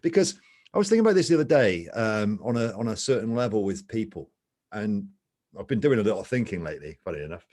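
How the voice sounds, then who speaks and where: A man's voice: fairly low pitch, lively intonation, quick pace, a little mellow. A man co-hosting a casual chat, thinking aloud and arguing his point with casual swearing. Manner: musing, argumentative, swears casually. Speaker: podcast co-host.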